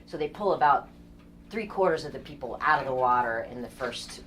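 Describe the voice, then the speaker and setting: A woman with a notably low voice tells a story to a group in a relaxed, chatty way. She is animated and laughs often between lines. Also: fairly quick, slight background noise. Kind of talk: casual storytelling.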